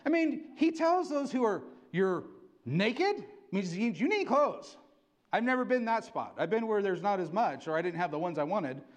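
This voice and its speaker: Male pastor, middle-aged, lively sermon, high voice, swooping pitch. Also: brisk. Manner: animated, excitable preaching with acted quotes.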